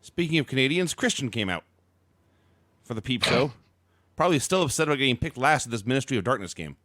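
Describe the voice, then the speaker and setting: A man hosting a wrestling podcast, briskly recapping events with dry jokes. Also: medium pitch, lively intonation, a bit bright, dry recording. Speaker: podcast host recapping matches. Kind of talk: read-out recap with chat.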